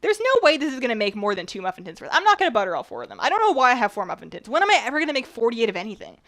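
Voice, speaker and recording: A woman chatting casually while she bakes on a stream, rambling a bit, her voice slightly rough at the tail end of a cold. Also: fairly high pitch, sing-song, very fast, fairly bright tone. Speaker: baking streamer. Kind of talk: casual chat while baking.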